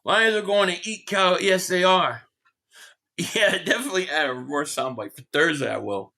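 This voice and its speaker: A man's voice: high-pitched, moderate pace, vocal fry, bright, forceful tone. A man hosting a live sports reaction stream, trash-talking and sarcastic as he chats with viewers.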